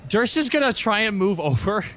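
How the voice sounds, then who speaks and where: Lively, bright man describing his turn. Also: high voice, unhurried, faint music behind. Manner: animated, laughing, rambling. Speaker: player. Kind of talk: tabletop game play over a call.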